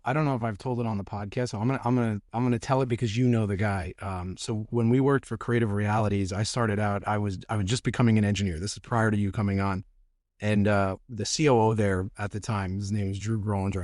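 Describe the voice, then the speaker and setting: A man's voice: fairly low pitch, steady tone, fast, no echo. Man, podcast host from New Jersey; casual storyteller, dry close sound. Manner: candid storyteller, swears, repeats words.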